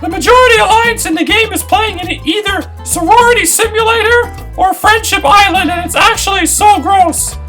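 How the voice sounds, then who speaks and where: A man's voice: very high-pitched, normal speed, few pauses, pushed and bright, soft background music, pitched above the performer's own voice. A man voicing an angry young woman juror who rants bitterly and sarcastically.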